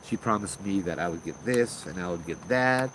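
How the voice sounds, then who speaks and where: A man quoting an older man from in a low, quiet, flat voice. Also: normal speed, slight background noise, low-quality recording. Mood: quietly eerie. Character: older local man, calm and unsettling.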